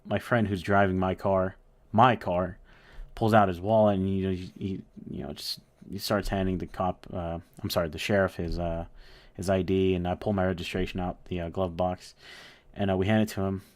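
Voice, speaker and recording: A man's voice: low-pitched, flat delivery, normal speed. A young man casually telling a story, rambling and swearing with lots of fillers. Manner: rambling, profane, full of fillers.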